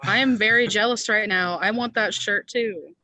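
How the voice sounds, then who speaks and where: A woman co-hosting a podcast in a casual chat, reacting quickly and laughing often. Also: medium pitch, a crowd in the background, low-quality recording. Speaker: podcast co-host.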